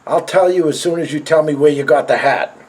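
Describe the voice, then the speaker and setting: A man's voice: fairly high pitch, a little fast, close to an everyday voice. A middle-aged man playing a dense, secretive uncle who lives alone in the woods, in a homemade film, with a mumbling, evasive delivery. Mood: teasing. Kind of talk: amateur film acting.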